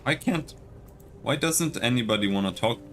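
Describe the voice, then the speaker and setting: A man streaming a video game, reading its text aloud in a steady, measured way with casual asides. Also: medium pitch.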